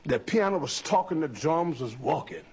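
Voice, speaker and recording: An older man in a documentary interview, telling stories with animated energy and imitating shouts and howls. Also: a little high, normal speed, slightly rough.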